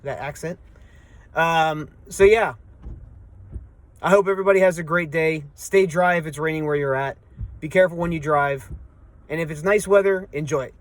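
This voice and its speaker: A man's voice: on the high side, normal speed, pauses often. A man from Southwestern Pennsylvania with a local accent, venting in a rambling, frustrated way in a casual vlog to his viewers. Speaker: vlogger.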